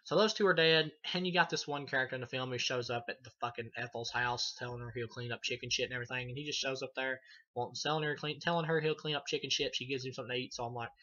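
A man's voice: medium pitch, fairly even intonation, quick pace, sharp tone, dull audio. A man giving a casual, profane film review, rambling and laughing as he retells scenes. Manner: rambling, swears a lot, laughs often. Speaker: movie reviewer.

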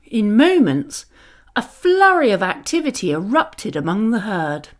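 A woman narrating a children's bedtime story, gentle, expressive and soothing. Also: medium pitch, unhurried.

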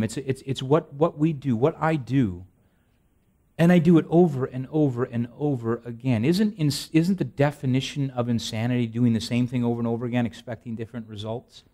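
A man's voice: mid-range voice, mellow. A man gives a sermon in a mid-range voice, talking to the congregation more than declaiming. He leans on rhetorical questions and repeats key phrases, restarting sentences as he goes. Self-deprecating humor runs through his preaching. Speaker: pastor.

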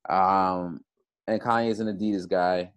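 A man with a fairly low voice co-hosts a podcast in easy casual chat. He rambles, circles back on himself and fills his pauses with "you know" and "uh.". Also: steady tone, clear, resonant tone. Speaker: podcast co-host.

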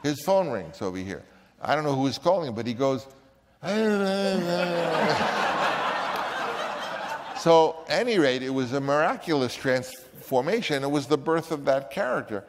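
An older man, a filmmaker, telling an animated story in an interview and acting out the people in it. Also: a little high, measured pace. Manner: animated storyteller who acts out other people's voices. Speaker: filmmaker recalling a casting story. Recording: long reverb.

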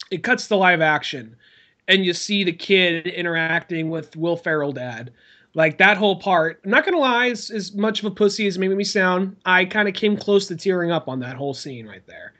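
A young man co-hosting a casual podcast chat, animated and swearing freely as he retells scenes. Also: moderate pace, highs cut off. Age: young adult. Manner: animated, swears freely, acts out quotes in a high voice. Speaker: podcast host.

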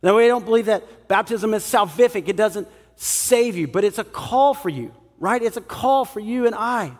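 A man's voice: high-pitched, normal speed, long reverb tail. A man preaching a sermon as pastor, acting out the people in the story as he talks. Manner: animated, acts out the people in the story. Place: church hall.

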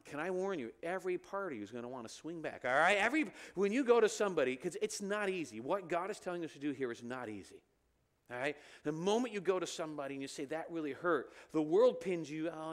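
High-voiced animated man preaching a sermon. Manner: animated, rising to loud emphatic peaks. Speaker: pastor. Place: church sanctuary.

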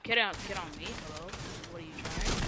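A gamer chatting casually while streaming, breaking into loud yelps and laughter. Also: mid-range voice, background noise. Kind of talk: casual gaming chat.

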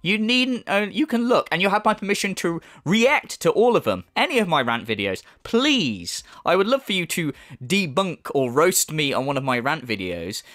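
A man's voice: fairly high pitch, big pitch swings, normal speed, hardly any pauses, fairly bright tone, no room sound, studio quality. A man giving a sarcastic, profane ranting commentary as a YouTube commentator.

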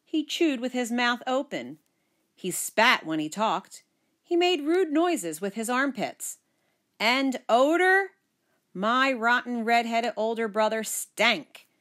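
A woman reading a children's book aloud, narrating in the first person with lively expression. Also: fairly high pitch, slow. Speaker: storyteller.

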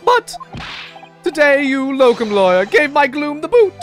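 A woman voicing an excitable Japanese man, a visiting scholar who gushes in alliteration. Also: high voice, measured pace, soft background music, pitched above the performer's own voice. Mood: gushing. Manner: gushing, loves alliteration.

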